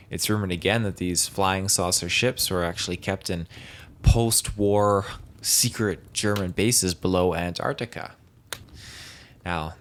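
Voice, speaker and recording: A deep, slightly bright male voice belongs to a solo podcast host. His casual talk wanders, full of restarts and hedging words.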